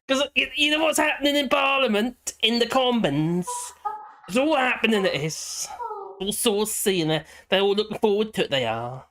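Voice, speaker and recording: A hoarse man runs a casual live stream. His voice sits fairly high and swoops about, with frequent giggles and cheeky asides. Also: animated, normal speed, fairly bright tone. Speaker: livestream host. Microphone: headphones with a small speaker.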